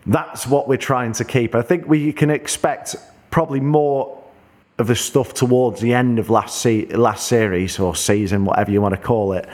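A man's voice: mid-range voice, steady tone, moderate pace, a little mellow. A man co-hosting a podcast in an easygoing, matey casual chat. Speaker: podcast co-host.

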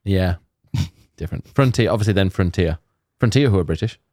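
A man with a fairly low voice trades quick, teasing banter as a podcast co-host. The recording is close and dry, with no room sound. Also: darkish tone, dry recording. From United Kingdom. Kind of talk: casual chat.

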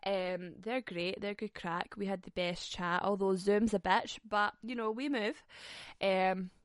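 A woman's voice: medium pitch, steady tone, measured pace, dry recording, clean studio sound. A woman in her twenties hosting a podcast, chatting frankly and swearing, with frequent laughs. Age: 20s. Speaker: podcast host. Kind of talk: casual solo podcast chat.

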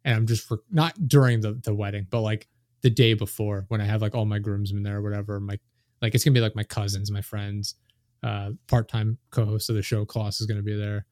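A man's voice: lowish voice, fairly even intonation, a little fast, a little mellow, dry recording, clean studio sound. A man hosting a podcast, chatting casually with lots of fillers and self-deprecating jokes. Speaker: podcast host.

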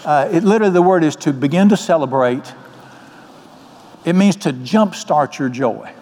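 A man's voice: on the high side, lively intonation, moderate pace, a little mellow. An older man preaching a sermon as pastor, folksy and joking. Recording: long hall reverb.

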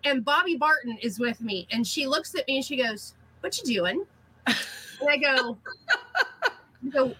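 Bright, slightly husky chatty woman. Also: high-pitched, normal speed, no echo, low-quality recording. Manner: chatty, laughing, animated retelling of anecdotes. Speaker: guest, cookie artist. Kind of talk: casual interview storytelling.

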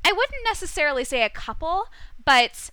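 A woman's voice: sits high, sing-song, moderate pace, sharp tone, no room sound. A young woman co-hosting a casual TV recap podcast, chatty, laughing often and full of likes and ums. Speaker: podcast co-host.

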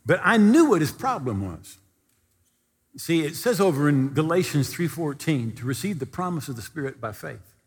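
Animated husky-voiced male preacher. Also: fairly high pitch, normal speed, long reverb tail. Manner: animated storytelling, bursts into near-shouting. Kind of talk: storytelling sermon.

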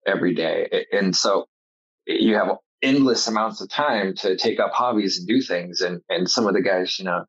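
A man's voice: deep voice, normal speed, fairly bright tone, breathy edge. A man telling stories in casual chat, swearing freely. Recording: dull lo-fi sound.

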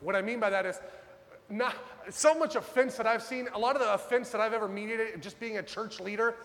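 High-voiced preaching man in a reverberant hall. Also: fairly quick. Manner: dramatic, swings from loud urgent to hushed. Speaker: pastor. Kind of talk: sermon.

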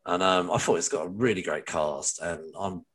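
A man's voice: deep voice, moderate pace, a bit bright, slightly rough. A man co-hosting a podcast, chatting casually and rambling with plenty of fillers and restarts. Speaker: podcast co-host.

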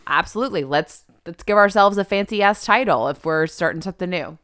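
A woman co-hosting a casual podcast chat, recapping a TV show and quoting characters in bright, exaggerated voices. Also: lowish voice, brisk, smooth, dry recording, clean studio sound. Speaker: podcast co-host.

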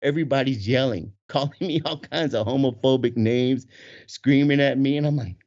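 A man in his forties with a husky voice, telling a story casually with lots of laughter. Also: medium pitch, moderate pace. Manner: animated, laughs often, acts out voices in quotes. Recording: dull lo-fi recording.

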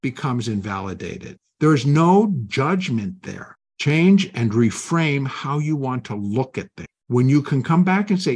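A man's voice: medium pitch, measured pace, hardly any pauses, husky. An older man teaching trading, talking live and acting out inner voices. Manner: animated, acts out inner voices. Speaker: trading educator.

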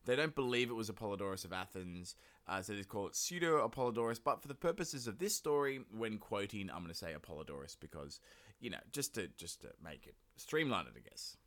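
Man, fairly low pitch, podcast host, casual, filler-heavy. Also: expressive, fast talker, fairly bright tone. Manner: rambling, many fillers, jokey put-on voices. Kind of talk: casual history podcast chat.

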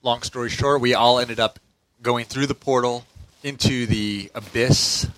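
A man's voice: mid-range voice, fairly even intonation, measured pace, fairly bright tone, dry recording, rough recording. A man playing in a tabletop game, giving a casual recap of the last session with frequent "uh" fillers. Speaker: player.

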